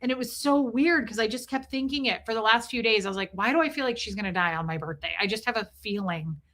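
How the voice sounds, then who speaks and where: Female streamer, middle-aged, bright tone, loose and emotional, thanks chat between thoughts. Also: on the high side, fast. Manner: rambling and emotional, thanking viewers. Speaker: livestream host. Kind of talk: casual livestream chat.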